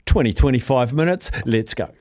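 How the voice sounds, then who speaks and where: A man's voice: mid-range voice, animated, moderate pace, darkish tone, no echo, soft background music. A man hosting a casual radio show, upbeat as he reads listener messages aloud into a studio microphone. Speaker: radio host.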